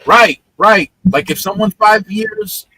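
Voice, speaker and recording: A man hosting a casual live stream, chatting with viewers in an animated way, laughing often and repeating his words. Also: high voice, takes it slowly, breathy edge. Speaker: livestream host.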